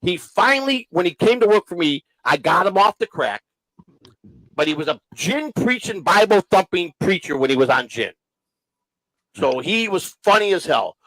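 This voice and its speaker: A man hosting a casual talk show, telling long rambling stories with halting restarts. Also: sits high, sing-song, fairly bright tone, dry recording, poor audio. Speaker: show host. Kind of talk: casual storytelling chat.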